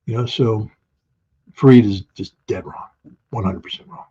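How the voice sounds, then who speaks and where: A man's voice: on the low side, normal speed, dark tone, husky. A middle-aged man giving blunt, emphatic political commentary as an interview guest, hammering points through repetition. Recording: dull lo-fi sound.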